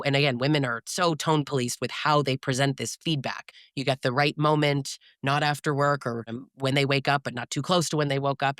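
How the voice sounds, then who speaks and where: Animated woman podcast host. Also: low voice, dry recording, studio quality. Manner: animated, incredulous storytelling. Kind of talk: casual conversational podcast.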